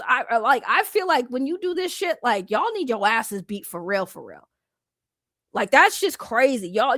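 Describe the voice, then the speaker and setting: A woman's voice: high-pitched, fairly bright tone, no room sound, clean studio sound. A young woman giving a heated, profane commentary rant in blunt, slangy talk. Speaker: commentary YouTuber.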